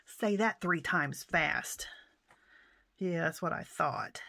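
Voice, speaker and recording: A woman chatting through an unboxing of her mail haul, softly spoken, often exclaiming in delight and sometimes slipping into a whisper. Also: fairly low pitch, takes it slowly, creaky, no room sound. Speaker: vlogger showing a mail haul. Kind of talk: casual unboxing chat.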